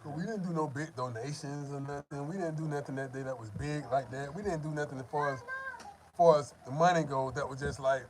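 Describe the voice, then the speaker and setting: Black guy telling a story loud n loose, kinda high voice, cussing a lot. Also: fairly quick, a little hiss or hum, rough recording. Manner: animated storytelling, swears freely. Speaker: host. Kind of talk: casual chat.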